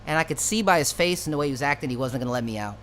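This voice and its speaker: A man's voice: a little high, lively intonation, racing, a bit bright, slight background noise. A man telling a personal story in a loose, profane, slangy way, with frequent restarts. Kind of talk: casual storytelling.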